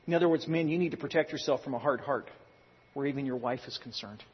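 A man's voice: mid-range voice, fast, husky. A man preaching a sermon in an earnest, exhorting way with joking asides. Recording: reverberant hall, dull lo-fi sound.

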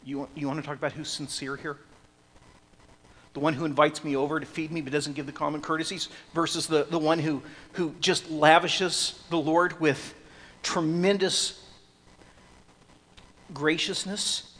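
A man preaching an expository sermon, swinging from hushed, slow passages to loud, emphatic ones. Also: fairly high pitch, level tone, in a large hall. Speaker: pastor.

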